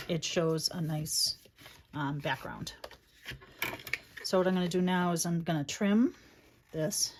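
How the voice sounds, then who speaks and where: A woman with a Boston accent and a slightly low voice chats along as she walks viewers through a crafting project. She thinks aloud as she works and greets viewers between steps, with a faint hiss of background noise. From Massachusetts. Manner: chatty, thinks aloud while working, greets viewers by place. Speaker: crafting livestream host. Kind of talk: casual crafting demonstration, chatting with viewers.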